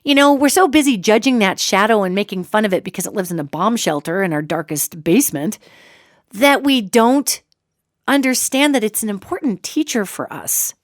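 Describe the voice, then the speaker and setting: Woman hosting her own podcast, lively and jokey, mid pitch, dry close sound. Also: moderate pace, dry recording. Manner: animated, jokey, acts out quoted voices. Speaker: podcast host. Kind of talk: solo podcast monologue.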